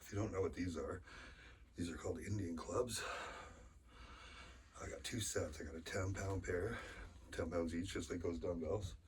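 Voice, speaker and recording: A man's voice: sits low, fairly even intonation, normal speed, pauses often. A middle-aged man with a lingering cold, rambling casually and swearing during a home workout vlog. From Canada. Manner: rambling, chatty, swears casually, sighs between sets. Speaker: arm wrestler vlogger. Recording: far from the mic with faint ambient noise.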